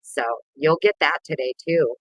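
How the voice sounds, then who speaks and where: A woman's voice: fairly even intonation, moderate pace, no echo, poor audio. A woman hosting a casual livestream, greeting viewers by name in a playful, sing-song way. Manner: bursts of sing-song and squeaky voices. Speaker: livestream host.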